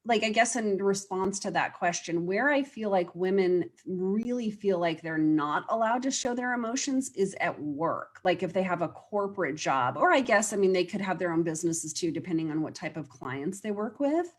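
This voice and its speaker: A woman's voice: mid-range voice, animated, normal speed, hardly any pauses. A woman life coach, speaking earnestly in a casual interview and often quoting her clients. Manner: earnest, explains with quoted client voices.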